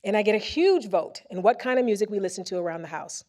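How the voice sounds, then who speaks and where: A woman presenter reading a first-person story aloud on a theater stage into a microphone, with expressive comic timing. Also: medium pitch, fast talker. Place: theater stage before a live audience.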